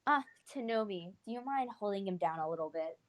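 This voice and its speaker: A woman's voice: medium pitch, expressive, a little fast, natural voice. A smug young man , voiced by a woman running the game, drawls his questions with easy self-assurance. The delivery is conversational, not a heavy character voice.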